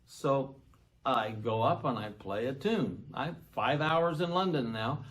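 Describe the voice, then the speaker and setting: A man's voice: medium pitch, slow pace. Older man telling a story. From Canada. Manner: lively, acts out the other voices in his story. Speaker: musician. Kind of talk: anecdotal storytelling.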